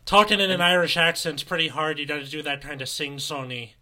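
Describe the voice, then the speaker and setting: Bright-voiced man, casual podcast chat. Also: on the high side, steady tone, fairly quick. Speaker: podcast co-host.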